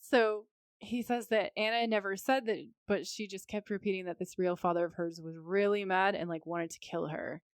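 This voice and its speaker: A woman's voice: medium pitch, fairly even intonation, normal speed, clear, resonant tone, dry recording, studio quality. A woman co-hosting a podcast, recapping a TV episode in a candid, chatty way with casual swearing. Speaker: podcast co-host.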